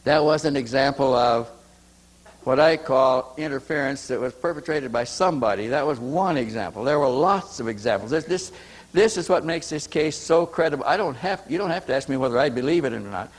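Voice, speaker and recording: A man with a medium-pitched, animated voice talks a little fast while telling a long, rambling personal story at a conference, restarting sentences and repeating words. It's anecdotal storytelling in a conference hall, captured in a low-quality recording.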